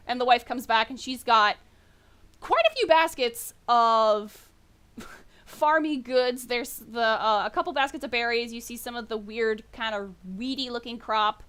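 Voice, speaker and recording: A woman's voice: on the high side, measured pace, a bit bright, clean tone. A woman narrating a tabletop game as game master, rambling and correcting herself as she goes. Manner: rambling, self-correcting, laughs often.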